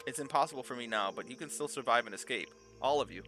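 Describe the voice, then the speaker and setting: A man voicing a calm, analytical AI program, speaking in a measured, polite way. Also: mid-range voice, faint music behind, natural voice.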